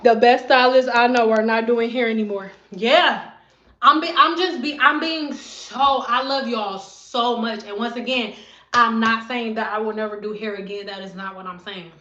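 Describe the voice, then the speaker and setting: Sassy, bright-voiced woman in her thirties. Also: on the high side, fairly even intonation, moderate pace, roomy sound, lo-fi sound. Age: 30s. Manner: sassy, blunt, acts out client exchanges. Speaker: hairstylist vlogger. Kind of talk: casual vlog rant. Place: bathroom at home.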